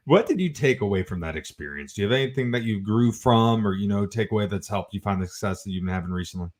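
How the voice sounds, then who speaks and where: A man's voice: lowish voice, expressive, fast talker, darkish tone. A male host asking casual, chatty interview questions.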